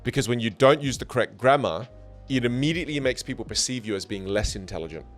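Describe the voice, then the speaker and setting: A man's voice: medium pitch, animated, quick pace, soft background music. A man teaching communication skills in a studio, talking energetically and emphatically, with playful jumps in his voice. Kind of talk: online lesson to camera.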